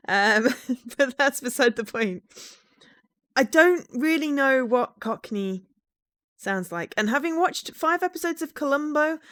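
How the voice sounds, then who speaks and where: Chatty woman streamer, lively pitch that swings a lot, dry close-mic sound, self-mocking casual talk. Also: no echo. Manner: chatty and self-deprecating, full of fillers and laughs. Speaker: game streamer. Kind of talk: casual chat while streaming.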